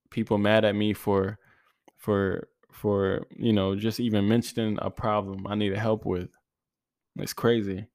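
A young man in his twenties speaks in a low, even voice with little rise and fall. He talks earnestly and casually, with slang, repeated phrases and false starts. The sound is dry and close, with no room echo. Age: 20s. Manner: earnest, repetitive, slangy, many restarts. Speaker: podcast host. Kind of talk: casual motivational monologue.

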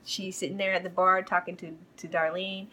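A woman's voice: fairly low pitch, little pitch movement, brisk, bright, forceful tone, slight background noise, low-quality recording. A woman hosting a podcast, casually recapping a TV episode in a rambling way, full of fillers. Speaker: podcast host.

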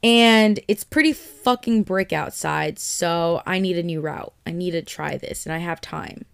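A woman's voice: fairly low pitch, unhurried, vocal fry, smooth. A young woman telling a casual, profane story, acting out her own reactions as she goes.

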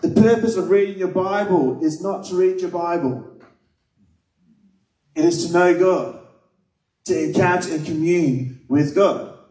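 Guy preaching, kinda high voice, echoey church room, mic a bit far off. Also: unhurried, pauses often, warm tone. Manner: earnest, conversational preaching with personal stories. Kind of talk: sermon.

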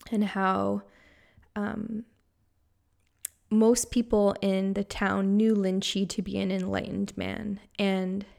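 A woman speaker in a quiet, reflective spiritual talk, with a voice that rests on a gravelly vocal fry. She wanders through her thoughts softly, pausing on fillers as she goes. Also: mid-range voice. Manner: soft-spoken and meandering, with many fillers.

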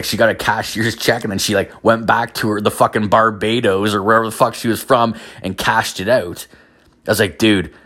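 A man's voice: on the low side, fairly bright tone. A man hosting a podcast, telling rambling, profane comedic stories in a casual rant. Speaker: podcast host.

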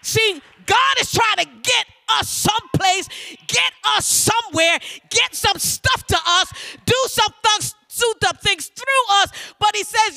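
A middle-aged man preaching a sermon in church, shouting and urging the congregation to repeat after him, repeating words in a fervent cadence. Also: very high-pitched, a little slow, vocal fry, few pauses. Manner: shouting, urging call-and-response.

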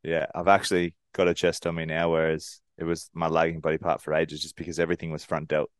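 A man's voice: very deep voice, level tone, fast talker, clean tone, dry recording, studio quality. A young man co-hosting a podcast, telling stories in an easygoing way and chuckling as he goes. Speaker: podcast co-host. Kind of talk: casual chat.

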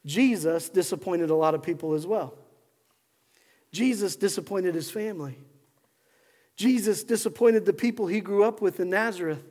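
A man preaching a sermon as pastor, moving between hushed, slow passages and loud, fiery ones. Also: high-pitched. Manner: impassioned preacher, swings from hushed to shouting. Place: church sanctuary. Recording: long hall reverb.

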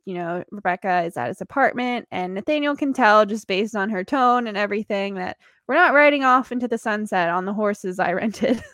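A woman's voice: on the high side, fairly bright tone, no echo, studio quality. A woman hosting a podcast, recapping episodes in a casual, giggly way and quoting lines.

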